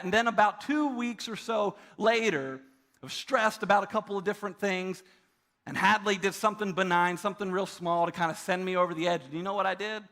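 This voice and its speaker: Bright, high-voiced male pastor preaching. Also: fast. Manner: personal storytelling, earnest. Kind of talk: sermon. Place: church auditorium.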